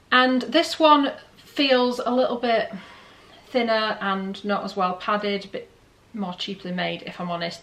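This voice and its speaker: A woman's voice: mid-range voice, fairly bright tone. Woman, casual unboxing chat, candid product verdicts. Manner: chatty, candid, rambling asides. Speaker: beauty vlogger.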